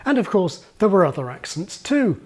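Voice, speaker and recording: A man giving scripted narration for a video essay, measured and explanatory. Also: sits high, very animated, breathy edge.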